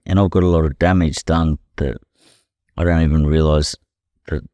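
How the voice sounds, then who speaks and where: Very deep-voiced, blunt Australian man. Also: unhurried, mellow, dry recording. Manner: blunt and profane, leans heavily on "you know". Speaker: podcast guest, professional boxer. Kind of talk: candid conversational storytelling.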